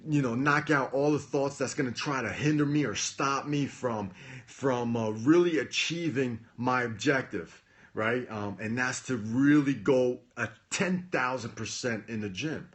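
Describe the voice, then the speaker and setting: A man's voice: medium pitch, unhurried. A man and former Marine officer telling a personal story in a casual, chatty vlog style. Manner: chatty, with frequent fillers and restarts. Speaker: motivational vlogger.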